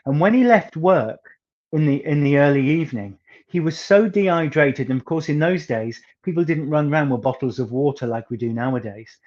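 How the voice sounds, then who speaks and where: A man's voice: on the high side, lively intonation, brisk, darkish tone. Chatty northeast English man, muffled audio. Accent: soft northeast English. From northeast England. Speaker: singer guest. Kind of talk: chatty storytelling interview.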